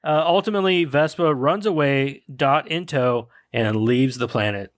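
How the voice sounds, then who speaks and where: A man's voice: medium pitch, moderate pace, no echo. A man hosting a casual movie podcast. He swears freely and laughs while reading out a plot summary. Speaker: podcast host.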